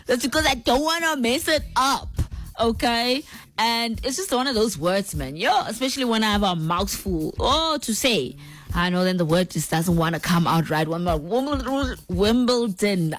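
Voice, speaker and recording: A woman's voice: medium pitch, moderate pace, fairly bright tone, a little hiss or hum. A woman radio host talking in a playful, chatty way, stretching out words for emphasis. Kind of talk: casual radio talk. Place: radio studio.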